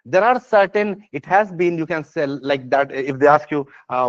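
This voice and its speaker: A man's voice: a little high, steady tone, moderate pace, few pauses, dry recording. A man with an Indian English accent teaching an exam essay lecture, checking often whether students follow. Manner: repeats "yes or no?" and "is this part clear?" checks; many fillers and restarts, emphatic. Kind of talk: classroom lecture. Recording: dry, slightly dull lo-fi sound.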